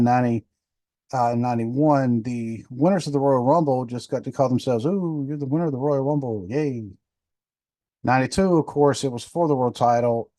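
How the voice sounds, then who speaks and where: A fifty-year-old man hosts his podcast in a loose, rambling way, full of ums and false starts. His voice sits at an ordinary middle pitch. The sound is dry and close, with no room around it. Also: dark tone, no room sound. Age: 50s. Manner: rambling, chatty, self-correcting with many fillers. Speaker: podcast host. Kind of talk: casual solo podcast review.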